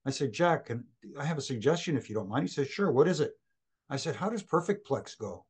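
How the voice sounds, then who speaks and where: A middle-aged man, a former wrestling referee, telling animated backstage anecdotes as an interview guest and acting out other people's lines. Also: mid-range voice, fairly quick, slightly rough. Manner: animated anecdotes, acts out quoted voices. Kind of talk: storytelling in a casual interview.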